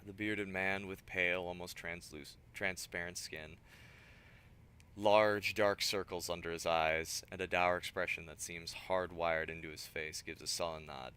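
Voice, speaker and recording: A man's voice: low voice, fairly even intonation, unhurried, pushed and bright, clear, resonant tone. A man streaming a game, reading its dialogue and narration aloud and tripping over some words. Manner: stumbles over words, adds asides. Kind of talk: reading game text aloud with character voices.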